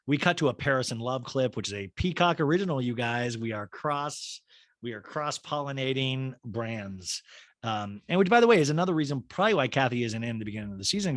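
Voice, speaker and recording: Male podcast host, comic recap, animated gossipy storyteller, lively swooping pitch, dry close mic. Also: dry recording.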